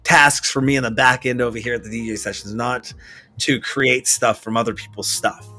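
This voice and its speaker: A man's voice: medium pitch, fairly even intonation, moderate pace, music in the background. A man hosting a casual remote interview, chatty and rambling, with many restarts. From Washington state, US. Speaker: interview host. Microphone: remote video call.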